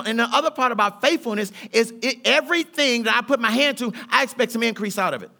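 A middle-aged man preaches a sermon in a church, his voice pitched high and bright. He talks in a loose, colloquial rhythm that keeps building in fervor. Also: fast talker, gravelly, few pauses. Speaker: pastor. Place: church sanctuary.

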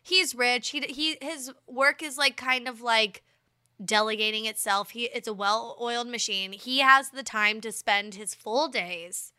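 A woman co-hosting a podcast in casual chat, animated and giggly, with lots of filler words. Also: a little high, a little slow, clear, resonant tone. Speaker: podcast co-host.

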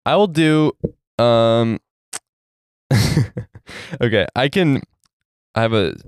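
Smooth-voiced young man, playful. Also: mid-range voice, lively intonation, slow, no echo, clean studio sound. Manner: playful, chatty, laughs often. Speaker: podcast co-host. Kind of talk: casual chat.

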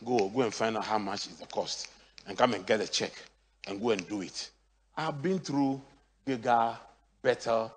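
A male pastor preaching a sermon, swinging from quiet asides to shouted, high-pitched exclamations. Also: normal speed, a little hiss or hum. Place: church. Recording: church hall reverb.

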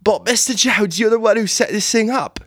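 A man voicing a wimpy male cheese factory worker with a British accent, pitched high and nasal. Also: moderate pace, fairly bright tone, no echo, studio quality. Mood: indignant. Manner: high and pinched, up in the nose. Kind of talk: live reading of an AI text adventure.

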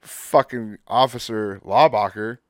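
A man's voice: on the low side, measured pace, no room sound, studio quality. A man co-hosting a podcast, telling a story in a laid-back, swear-filled way and acting out what people said. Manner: laid-back, swears a lot, acts out quotes. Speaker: podcast co-host. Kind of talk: casual storytelling.

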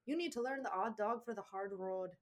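A woman's voice: medium pitch, fairly quick. A woman co-hosting a casual podcast, reading out slang terms and laughing along. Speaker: podcast co-host. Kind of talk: casual chat.

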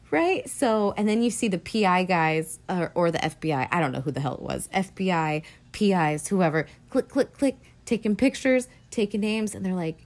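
A woman in casual podcast talk, recapping a film with loose, swearing chatter. Her voice sits on the low side for a woman, and she slips into little put-on quotes of the characters as she goes. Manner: chatty and profane, acting out quotes. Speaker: podcast host.

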